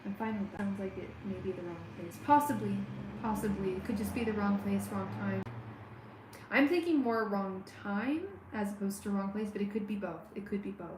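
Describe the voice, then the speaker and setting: A woman giving a live tarot reading on a stream, speaking warmly and straight to the viewer, with many halting restarts and fillers. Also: mid-range voice, roomy sound, background noise. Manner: warm, personal, talks straight to the viewer. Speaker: tarot reader.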